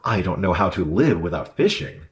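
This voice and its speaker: A man voicing a selfish, condescending husband who blames his wife, in an animated drama. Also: low voice, normal speed. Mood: dismissive. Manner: condescending, dismissive, then backpedaling. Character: selfish arrogant husband who loves fishing. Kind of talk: animated story voice acting.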